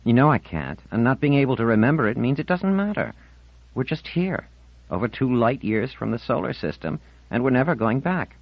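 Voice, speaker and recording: A man's voice: medium pitch, sing-song, a little fast, dry recording, voice pushed up. A man voicing an earnest, defensive fifteen-year-old girl in an audiobook, insistent and pleading. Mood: frustrated. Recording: dull lo-fi audiobook recording.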